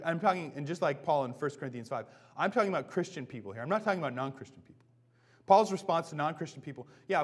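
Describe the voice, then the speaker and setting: A man in his thirties, a pastor giving a relaxed, conversational sermon, often checking in with "right?" and joking at his own expense. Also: fairly high pitch. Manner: casual, self-deprecating, often asks "right?".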